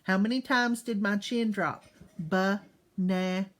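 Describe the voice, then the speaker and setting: A patient woman teaching a class of small children. She speaks at an unhurried, very slow pace in a middling voice, stretching each word so young listeners can hear every syllable. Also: mid-range voice, slight background noise. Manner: patient, drawn-out words, sounds out syllables.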